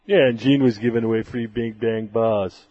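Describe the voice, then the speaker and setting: A man in his fifties co-hosting a casual podcast, cracking deadpan jokes. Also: mid-range voice, normal speed, no room sound. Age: 50s. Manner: deadpan joker. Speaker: podcast co-host. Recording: dull, dry lo-fi audio.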